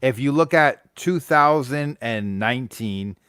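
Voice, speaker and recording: A man's voice: medium pitch, lively intonation, measured pace, a bit bright, clear, resonant tone. A man from the United States hosts a loose, casual live stream, chatting with his viewers. He rambles and restarts his sentences often. The sound is dry and close, with no room echo. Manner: rambling, stumbling restarts, greets chat members.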